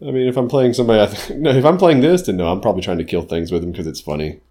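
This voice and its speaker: Male co-host, very deep and mellow, wry and laid-back. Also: rapid-fire. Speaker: podcast co-host. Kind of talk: casual tabletop game discussion.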